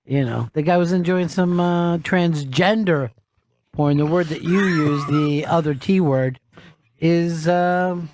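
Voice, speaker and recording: A man's voice: a little high, slow, a little mellow. A man hosting a comedy talk show, bantering in a wry, blunt and profane way. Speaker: host.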